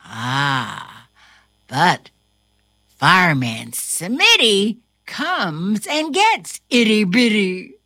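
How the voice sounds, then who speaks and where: A woman reads a children's storybook aloud, her bright voice rising and falling in wide swoops. She takes her time over every line and adds gasps and little sound effects for fun. The recording is close and dry. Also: medium pitch, dry recording. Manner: slow, sing-song and animated, with gasps and playful sound effects. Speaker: storybook reader. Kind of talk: children's picture book read-aloud.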